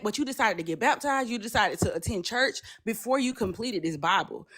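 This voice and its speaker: A woman recounts a personal story in a loose, conversational way on a livestream. She is passionate and talks loudly, acting out what each person said. Her voice sits at a middle pitch. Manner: animated, acts out both sides of a conversation; passionate and loud by her own account. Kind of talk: casual storytelling chat.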